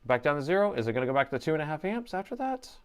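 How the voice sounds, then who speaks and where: A middle-aged man hosting a live repair stream, talking to his chat as he works. He is playful and excitable, jumping from the task at hand to banter with the viewers. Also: fairly high pitch, very fast, clean tone. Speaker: host and laptop repair technician.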